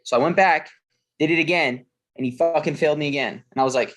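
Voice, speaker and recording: A man chatting casually on a podcast, his voice sitting in an ordinary middle pitch. He tells stories in a loose, profane, rambling way, full of fillers and restarts. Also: fairly even intonation, fast talker, fairly bright tone. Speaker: podcast co-host. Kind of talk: casual chat.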